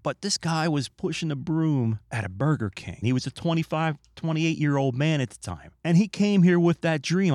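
A middle-aged man hosting a podcast, talking in an animated, emphatic and opinionated casual monologue. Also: on the high side, no room sound, studio quality. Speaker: podcast host.

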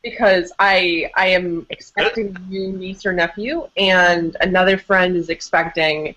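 A woman's voice: fairly low pitch, fairly even intonation, unhurried, bright, forceful tone, highs cut off, slight background noise. Earnest woman chatting with small restarts. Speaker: podcast guest. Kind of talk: casual podcast chat.

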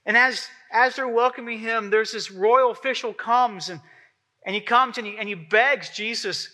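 High, bright-voiced male pastor preaching. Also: normal speed. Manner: conversational, acts out quoted voices. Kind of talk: sermon.

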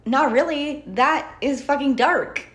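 A woman's voice: sits high, slow pace, a little hiss or hum. A woman discussing a film casually, thinking aloud with frequent restarts. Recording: roomy echo.

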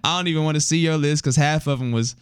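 A man's voice: on the high side, fast talker, clear, resonant tone, dry recording, clean studio sound. Laid-back man chatting on a podcast. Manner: laid-back slang, laughs often. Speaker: podcast co-host. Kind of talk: casual podcast chat.

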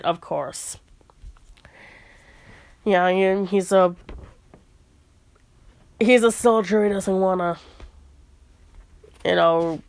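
Woman, lowish voice, casual chat, retelling a story, relaxed asides. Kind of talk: casual chat, reading a book aloud.

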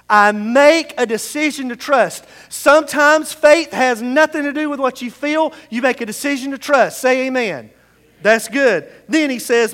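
A male pastor preaching a sermon, swinging between hushed passages and raised, emphatic calls. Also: very high-pitched, measured pace. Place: church sanctuary. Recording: long hall reverb in a church.

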